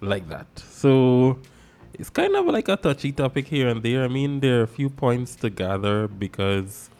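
A man in a casual discussion, animated and speeding up in bursts. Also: medium pitch, moderate pace.

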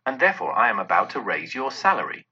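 A reformed old miser bursts with hearty cheer, as a male narrator puts him on. The voice is bright and husky, leaping up and down in pitch. The recording sounds dull and lo-fi. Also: very animated, fast talker, heavily acted. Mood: mock-stern.

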